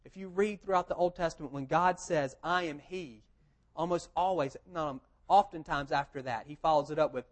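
Higher-voiced male preacher, conversational. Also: moderate pace. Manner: lively conversational storytelling with rhetorical questions. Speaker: pastor. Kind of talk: expository sermon.

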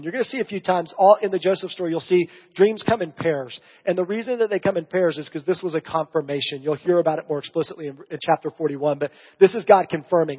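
Husky-voiced man preaching in a reverberant hall. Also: on the high side, fast, hardly any pauses. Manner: conversational, asks the audience "right?". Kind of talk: sermon teaching through scripture. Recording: long reverb, dull lo-fi sound.

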